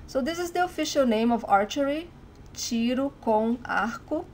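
A Brazilian woman teaching a language lesson, speaking clearly and modeling words with careful pronunciation. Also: high voice, animated, moderate pace, darkish tone, slight background noise. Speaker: Portuguese teacher.

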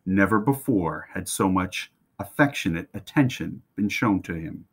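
Man, lowish voice, expressive storybook reader. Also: moderate pace, breathy edge. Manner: expressive, animated reading. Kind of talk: reading a children's book aloud.

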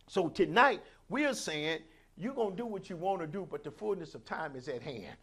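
A man preaching a sermon as pastor, swinging between loud shouts and quiet, low lines, with frequent hallelujahs. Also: lively intonation, normal speed, slightly rough.

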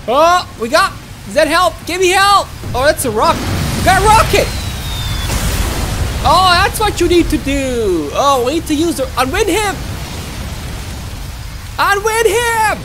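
A woman hosting a gaming channel, giving excitable let's play commentary and talking to viewers as "guys". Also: extremely high pitch.

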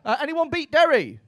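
A man's voice: very high-pitched, dry recording. A young man doing stand-up crowd work, brash and teasing, with plenty of swearing, on a comedy club stage. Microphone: handheld stage mic.

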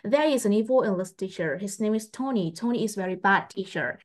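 Woman teacher, patient and encouraging, repeats questions, mid-pitched. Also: lively intonation, brisk. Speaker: English teacher. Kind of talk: online English test with a child.

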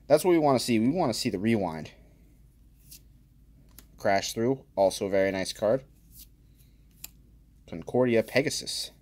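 A lowish-voiced man hosts his channel, unpacking cards with easygoing commentary. He jokes, calls out card names, and bursts into excited exclaiming.

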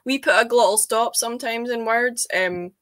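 A woman's voice: on the high side, moderate pace, fairly bright tone, no room sound. A Scottish woman from Scotland chatting enthusiastically as a guest, laughing often. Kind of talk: casual video call chat.

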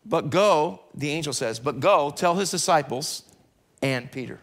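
A middle-aged American man preaching a sermon in a church, animated, swinging between loud bursts and hushed passages. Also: on the high side, a little slow. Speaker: pastor. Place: church sanctuary.

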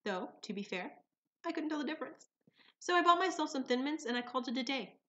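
Give me a playful, theatrical woman telling comic stories in a slightly high voice. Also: expressive, quick pace, sharp tone, dull audio. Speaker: vlogger. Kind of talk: comic storytelling vlog.

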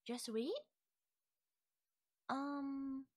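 A woman's voice: high voice, little pitch movement, extremely slow, no echo, studio quality. A voice actress playing a curious, naive young wolf-girl in an ASMR audio role-play, full of innocent questions. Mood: soft, wondering.

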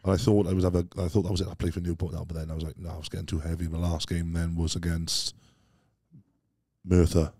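Welsh man, very deep voice, dark tone, rapid rambling storyteller, dry studio sound. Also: little pitch movement, dry recording. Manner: rambling, storytelling, peppers speech with "mate". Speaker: podcast guest. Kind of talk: casual chat.

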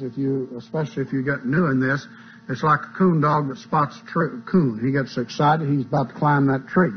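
A man preaching a sermon in a folksy, plain-spoken teaching manner, on a dull lo-fi tape with a mains hum. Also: fairly high pitch.

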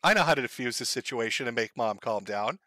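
A man's voice: mid-range voice, lively intonation, fast, sharp tone, no echo, clean studio sound, pitched below the performer's own voice. A man voicing a dim-witted young son who sounds whiny and defensive.

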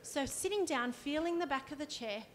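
A woman's voice: sits high, animated, normal speed, slight background noise. A woman, a counsellor giving a conversational workshop talk and demonstrating as she explains. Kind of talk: live presentation to an audience.

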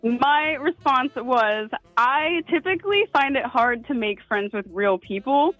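Giggly, nervous high-voiced woman caller. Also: animated, measured pace, no echo, highs cut off, faint music behind. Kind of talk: casual phone chat.

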